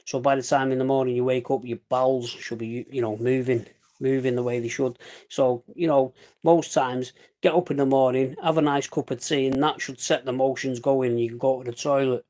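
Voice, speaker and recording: A man from Salford with a Mancunian accent, rambling in fast, casual live-stream chat and calling listeners "mate". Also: medium pitch, steady tone, darkish tone. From Salford, England. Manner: rambling, chatty, says "mate" often; fast dialect.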